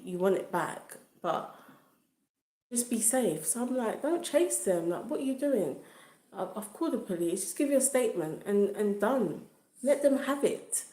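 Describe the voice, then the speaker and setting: A woman's voice: on the low side, darkish tone. A woman telling a casual story on a livestream, chatty and full of asides like "do you know what I mean.". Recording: echoey room.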